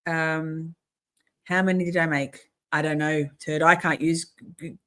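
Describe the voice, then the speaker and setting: A middle-aged woman chats loosely to her livestream viewers in a slightly low voice. She swears freely, stumbles over restarts and keeps clearing her throat. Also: little pitch movement, measured pace, fairly bright tone. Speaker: livestream host. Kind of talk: casual livestream chat.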